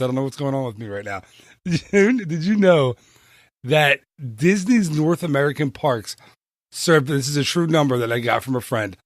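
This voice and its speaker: A man co-hosting a podcast in casual chat, excitable, laughing often and reeling off numbers. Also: medium pitch, no echo, clean studio sound. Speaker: podcast co-host.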